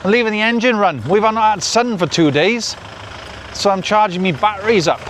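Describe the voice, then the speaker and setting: A chatty, excitable man talks to his camera on a windy coastal hill, his voice sitting a little high for a man. Clear wind noise runs under his voice from a clip-on mic outdoors. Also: normal speed. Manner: chatty and excitable, exclaiming at the weather. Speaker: overland travel vlogger. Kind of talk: casual travel vlog talk to camera. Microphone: clip-on microphone.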